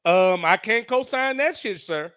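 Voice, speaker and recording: Animated, profane male streamer. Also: high voice, a little slow, clean tone. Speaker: streamer reading chat. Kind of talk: casual livestream chat.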